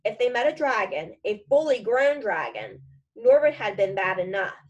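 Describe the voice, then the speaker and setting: A woman's voice: mid-range voice, very animated, normal speed, lo-fi sound. A woman reading a children's novel aloud in a casual storytelling manner. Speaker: reader.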